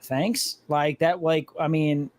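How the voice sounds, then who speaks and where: A man's voice: on the high side, fairly quick, a little mellow. A man co-hosting a podcast in casual chat, making his case emphatically and swearing freely. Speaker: podcast co-host.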